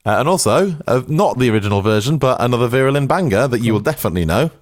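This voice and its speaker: A man's voice: mid-range voice, lively intonation, rapid-fire. A man co-hosting a podcast in casual, rambling, jokey chat. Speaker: podcast co-host.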